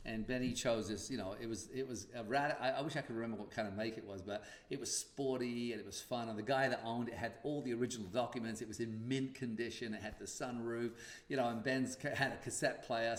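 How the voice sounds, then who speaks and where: A man's voice: mid-range voice, a little fast, reverberant. A man hosting a podcast, telling a personal story in a casual way and acting out the dialogue. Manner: animated, acts out dialogue. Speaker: podcast host.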